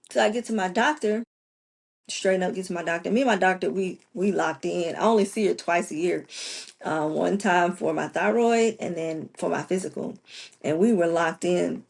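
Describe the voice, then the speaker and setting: Woman in her 40s, gravelly husky voice, emotional storytelling on her podcast. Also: fairly low pitch, normal speed. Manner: emotional, acts out quoted voices. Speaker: podcast host. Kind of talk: personal storytelling.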